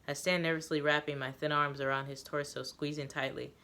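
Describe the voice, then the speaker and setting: Woman, author reading her own novel aloud, steady storytelling with casual recaps. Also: sits low, brisk. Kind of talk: dramatic reading with casual asides.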